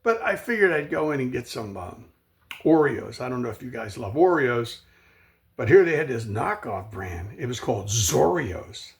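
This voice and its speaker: Lively man hosting a comedy show. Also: medium pitch, moderate pace. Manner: jokey, rambling storytelling with whoops and laughs. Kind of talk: comic monologue.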